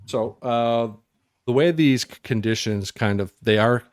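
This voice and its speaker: A man running a tabletop game as game master, describing the scene in a halting, loose way with lots of fillers. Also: medium pitch, smooth, no echo, clean studio sound.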